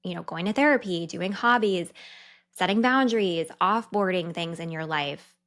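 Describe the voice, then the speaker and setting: A young woman, a dietitian, hosting her own podcast in a candid, chatty way with quick asides. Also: lowish voice, a bit bright. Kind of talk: casual solo podcast talk.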